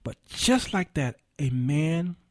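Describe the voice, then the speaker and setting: A man's voice: fairly high pitch, sing-song, slow, no echo, studio quality. A middle-aged man hosting a livestreamed talk show, delivering a passionate monologue with preacher-like swells of emphasis. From Chicago area, US.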